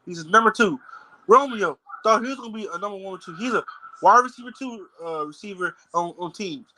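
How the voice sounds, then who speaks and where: Furious about football, a man vents on his video channel in a brisk, high-pitched voice that sounds pushed and bright. He curses and stammers, with slight background noise and poor audio quality.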